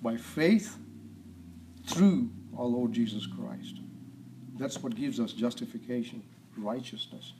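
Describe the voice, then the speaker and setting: A man preaching a sermon, stressing and repeating key words and often clearing his throat. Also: mid-range voice, animated, slow, pauses often, noisy background.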